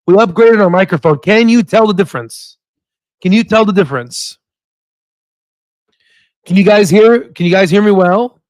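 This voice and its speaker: A chatty man talks casually to his viewers, repeating himself and laughing easily. His voice sits somewhat high for a man. The sound is close and dry. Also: moderate pace, pauses often, no echo. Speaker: stock investing channel host. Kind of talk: casual livestream chat. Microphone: new desk microphone.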